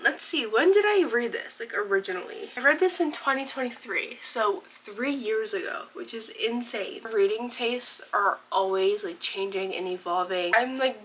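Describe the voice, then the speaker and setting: A woman's voice: medium pitch, sharp tone, slight background noise, rough recording. A woman in her twenties talking casually in a reading vlog, chatty and gushing with many fillers. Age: 20s. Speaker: book vlogger.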